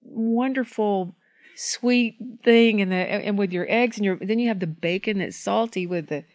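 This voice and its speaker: A woman's voice: mid-range voice, measured pace, a little mellow, dry recording, studio quality. A woman in casual chat, rambling fondly with many restarts. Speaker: podcast co-host.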